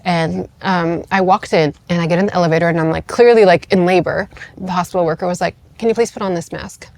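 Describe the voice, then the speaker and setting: A woman's voice: fairly low pitch, steady tone, fast talker, gravelly, darkish tone. A woman in her thirties, a podcast guest, telling a personal story in a chatty way, full of fillers, acting out what others said. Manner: chatty, many "like" fillers, acts out quoted voices. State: tearful at moments. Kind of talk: casual storytelling.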